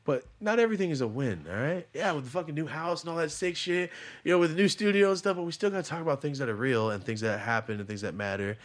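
A young adult man hosting a podcast, telling stories in a profane, animated way, moving from low muttering to loud bursts. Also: quick pace. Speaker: podcast host. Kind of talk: casual storytelling chat. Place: podcast studio.

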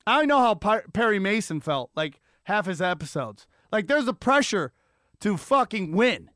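A man's voice: sits high, very animated, normal speed, a bit bright, no room sound, clean studio sound. A man hosting a podcast, telling a long profane story with lots of energy, acting out sirens and the voices of people he quotes. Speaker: podcast host. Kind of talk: animated solo storytelling rant. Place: Los Angeles area.

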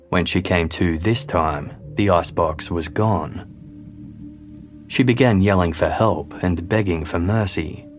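Deep-voiced man narrating true crime. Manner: measured, grave storytelling. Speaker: podcast host.

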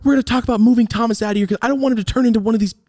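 A man voicing a manipulative middle-aged mother who fakes sobbing in a high wailing put-on voice. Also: fairly even intonation, very fast, a little mellow, dry recording, clean studio sound.

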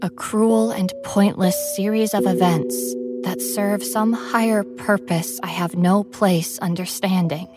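A woman narrating a first-person horror story in a measured, grave way. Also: mid-range voice, fairly even intonation. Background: music.

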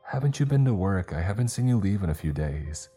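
A man voicing a nosy, sharp-tongued elderly woman neighbor who scolds and judges. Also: low-pitched, very animated, a little fast, breathy edge, soft background music, pitched above the performer's own voice, heavily acted. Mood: scolding. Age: older.

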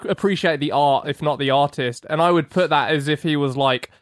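Joking, profane man, slightly higher voice. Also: a little fast, no echo, clean studio sound. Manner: joking, profane, throws in mock quotes. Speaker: podcast co-host. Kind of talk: casual chat.

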